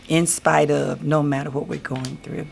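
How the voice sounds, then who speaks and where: The senior pageant queen, an older woman, responds earnestly to radio interview questions and tends to repeat herself. She speaks at a moderate pace in a low, level voice with vocal fry. It's an AM broadcast carrying faint noise.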